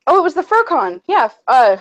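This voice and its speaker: A high-voiced woman chats casually as a co-host of a fan show. She rambles and gushes with excitable fangirl energy. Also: brisk, rough recording. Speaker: podcast co-host. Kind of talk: casual chat.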